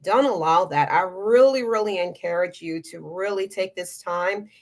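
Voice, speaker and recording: A woman's voice: lowish voice, normal speed. A middle-aged woman talking straight to her viewers in a casual, earnest way, giving encouragement and repeating words for emphasis. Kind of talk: casual motivational talk to camera.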